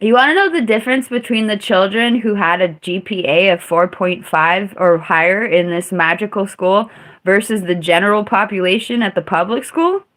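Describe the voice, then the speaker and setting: A woman's voice: mid-range voice, normal speed, fairly bright tone. A woman live streaming, telling a story in a casual, blunt and profane way.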